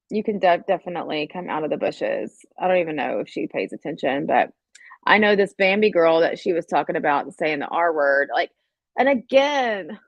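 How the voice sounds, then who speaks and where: On a casual livestream, a female host with a voice on the low side chats directly with her viewers, rambling along and swearing as she goes. There's no echo in the recording.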